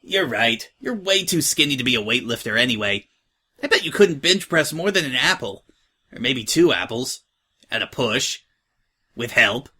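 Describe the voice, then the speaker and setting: A man's voice: medium pitch, very animated, normal speed, pushed and bright, slightly rough, full character voice. A man voicing a tough, slangy young filly who talks bluntly and offhand. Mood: teasing. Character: brash, tough young filly, slangy orphan-home veteran.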